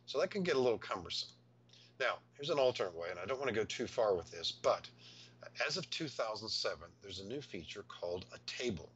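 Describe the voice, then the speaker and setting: Lo-fi man patiently explaining software. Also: lowish voice, big pitch swings, a little fast, slightly rough. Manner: patient step-by-step explaining, thinking aloud. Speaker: software instructor. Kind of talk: screen-recorded software tutorial.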